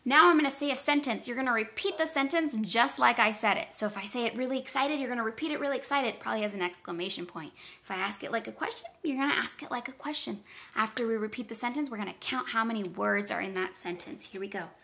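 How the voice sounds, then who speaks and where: A woman teaching phonics to young children, sounding out letters slowly and deliberately and praising cheerfully. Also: on the high side, creaky, pushed and bright.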